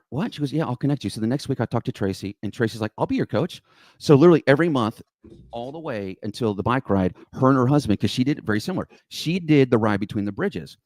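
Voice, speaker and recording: Excitable man telling a story. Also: mid-range voice, no room sound. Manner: excitable, acts out quoted dialogue, says "okay?" and "bro" often. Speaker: podcast guest, charity cyclist. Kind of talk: animated storytelling in conversation.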